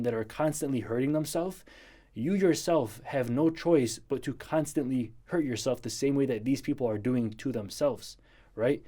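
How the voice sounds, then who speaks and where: A man speaks straight to a viewer, giving blunt advice in a relaxed, mellow voice. His pitch sits right in the middle, and he talks earnestly, repeating key points for emphasis without softening them. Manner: blunt, tells it like it is.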